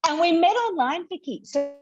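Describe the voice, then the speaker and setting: A woman's voice: very high voice, animated, normal speed, lo-fi sound, over music. A middle-aged woman with an Australian accent, a psychologist guest chatting easily and laughing often. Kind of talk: casual interview chat.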